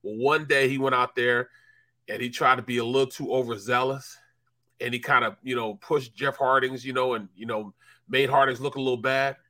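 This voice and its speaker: A man co-hosting a casual sports talk show, telling locker-room stories and acting out teammates with loud, raised voices. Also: medium pitch, moderate pace. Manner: animated storyteller who acts out teammates with loud raised voices and laughter. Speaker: co-host, former football player.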